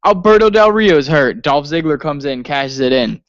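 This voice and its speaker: Man co-host, slightly high smooth voice, excitable, swears a lot, dry dull recording. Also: normal speed, no echo. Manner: excitable, swears often, laughs while telling. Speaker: podcast co-host. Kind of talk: casual wrestling review chat.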